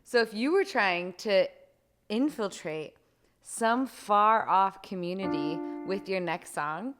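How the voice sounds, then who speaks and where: A woman with a mid-pitched voice co-hosts a music livestream. She sounds playful, teases a little, and cheers the guest on. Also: slow. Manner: playful, encouraging. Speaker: livestream co-host. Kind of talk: casual chat.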